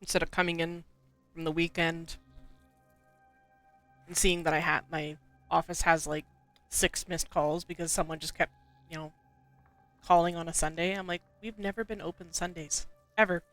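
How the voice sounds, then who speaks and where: A man with a bright, clear, high-set voice chats casually during a co-op game stream. He laughs often and swears freely. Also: little pitch movement, moderate pace, long pauses, faint music behind. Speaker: co-op gaming streamer. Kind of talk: casual chat while gaming.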